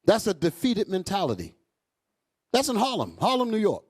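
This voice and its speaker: A man's voice: moderate pace, breathy edge. A man preaching a fiery, profane sermon to his congregation, calling out to them as he goes. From United States. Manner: loud, animated, swings high and low, profane, asks crowd "y'all all right?".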